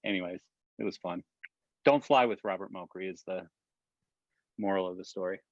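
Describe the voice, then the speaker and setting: A man telling a story in an animated, rambling way with many restarts, on a video call from home. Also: deep voice, normal speed, no echo, muffled recording. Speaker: production industry guest. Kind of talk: casual storytelling.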